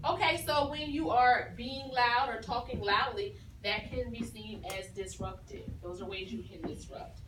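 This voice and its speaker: Woman teacher, high bright voice, patient questioning, echoey classroom recorded from afar. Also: a little slow, few pauses, distant mic, noisy background. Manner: patient, questioning, repeats pupils' answers. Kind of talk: classroom phonics lesson.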